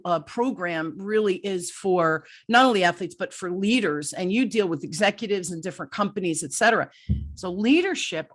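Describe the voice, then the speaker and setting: A middle-aged woman hosts a conversational interview. She tells stories in a lively way and keeps checking in with her guest. Her voice sits at an ordinary pitch for a woman. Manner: lively storytelling, often asks "right?". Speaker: podcast host.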